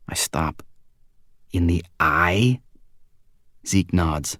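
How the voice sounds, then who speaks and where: Male audiobook narrator, very low voice, quiet measured first-person read, dry close booth sound. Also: dry recording.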